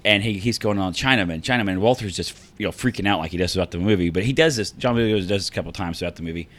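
A man with a fairly low voice chatting loosely on a podcast. He laughs a lot and slips into quoted movie lines as he tells a scene. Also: racing, a bit bright. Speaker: podcast co-host. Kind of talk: casual chat.

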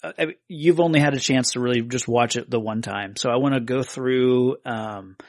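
A man's voice: medium pitch, normal speed, no room sound, clean studio sound. A man hosting a casual podcast, walking through a film scene step by step in long explanations. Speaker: podcast host.

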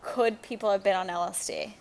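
A young woman co-hosting a podcast, chatting casually in a playful, animated way and pushing wild theories. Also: medium pitch, a little fast, creaky. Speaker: podcast co-host. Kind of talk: casual chat.

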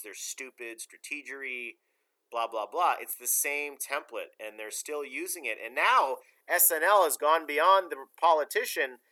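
Guy hosting a chat show, bright edgy voice, goes on emphatic rambles. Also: medium pitch. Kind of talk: casual political talk.

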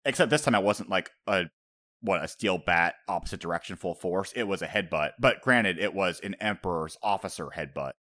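A man's voice: low voice, fairly quick, bright, forceful tone. A man hosting a casual podcast chat, profane and laughing often, acting out quotes as he talks. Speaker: podcast host.

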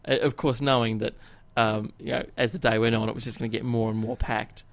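A man spins a rambling personal story on a podcast, full of fillers and restarts. His voice has a gravelly, creaky texture at an ordinary pitch for a man. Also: little pitch movement, a little fast. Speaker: podcast co-host. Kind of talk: casual chat, storytelling.

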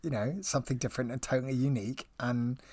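A playful man co-hosts a casual podcast, chatting freely and slowing down when he thinks aloud. His mid-range voice is recorded dry and close, with no room sound. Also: medium pitch, steady tone, darkish tone, no room sound. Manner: playful, chatty, slows to ponder. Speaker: podcast co-host. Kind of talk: casual chat.

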